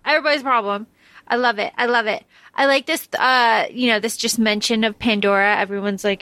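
A woman's voice: fairly high pitch, fairly even intonation, a little fast, pushed and bright, no echo. A woman co-hosting a podcast, chatting about a book in an easygoing, wry way, often repeating phrases. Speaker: podcast co-host. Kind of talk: casual book discussion.

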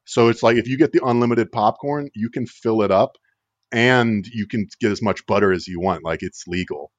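A man with a fairly low voice tells a comic story in a loose, rambling way, hedging with filler words and wry asides. The sound is dull and lo-fi, with a dry, close feel. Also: moderate pace, no room sound. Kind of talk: casual comedic storytelling.

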